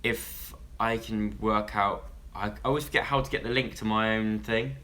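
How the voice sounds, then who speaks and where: A man's voice: on the low side, fairly even intonation, moderate pace, sharp tone, a little hiss or hum. A young man from England chatting casually on a live stream, rambling and interrupting himself as he talks to viewers.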